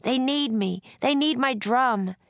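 A woman reading aloud and voicing a sick, frantic young drummer boy with a hoarse edge. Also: sits high, slow pace, no echo, pitched above the performer's own voice.

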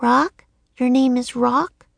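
A woman voicing a gentle, curious young girl in a storybook reading. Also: fairly high pitch, measured pace, creaky, dry recording, voice pushed up. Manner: gentle, coaxing.

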